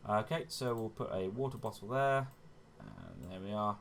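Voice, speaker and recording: A man's voice: lowish voice, wildly swooping pitch, moderate pace, gravelly, slight background noise. A man hosting a gaming channel, giving chatty step-by-step gameplay commentary and often correcting himself as he goes. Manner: chatty, self-correcting, often says "wonderful".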